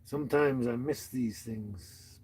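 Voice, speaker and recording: A man's voice: medium pitch, slow pace, a little mellow, husky. A man hosting a casual livestream, rambling and chuckling as he greets viewers by name and talks to his dog. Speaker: livestream host.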